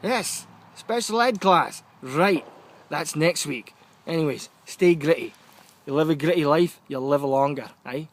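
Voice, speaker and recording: Scottish guy ranting a funny story, keeps going "right?", voice sits a bit high. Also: a little slow. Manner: animated, keeps checking in with "right?". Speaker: vlogger telling a story. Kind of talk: comic storytelling rant.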